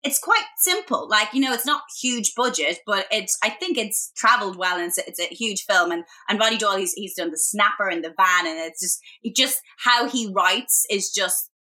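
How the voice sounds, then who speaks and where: An Irish woman in her thirties chats away on a podcast, her voice bright and forward. She tells stories with lively energy and lots of fillers. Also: medium pitch, normal speed, few pauses. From Ireland. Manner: chatty, animated storytelling with many fillers. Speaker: podcast guest. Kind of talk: casual chat.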